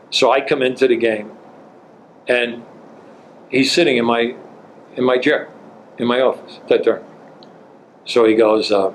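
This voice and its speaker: An older man, a former coach, telling an animated story as an interview guest. He chuckles between lines and jumps his pitch when quoting people. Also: unhurried, pauses often, a little hiss or hum, poor audio. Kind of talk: storytelling anecdote.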